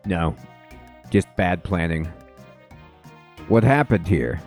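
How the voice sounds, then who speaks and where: A man casually commenting on an online game as he plays and greets viewers in quick excited bursts. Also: low-pitched, faint music behind. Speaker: gaming host. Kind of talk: casual let's play commentary.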